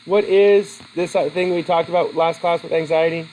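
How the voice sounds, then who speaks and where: A man's voice: fairly high pitch, steady tone, moderate pace, darkish tone, a little hiss or hum, poor audio. A man teaching a class in a classroom, chatty and asking his students questions. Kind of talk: classroom lesson.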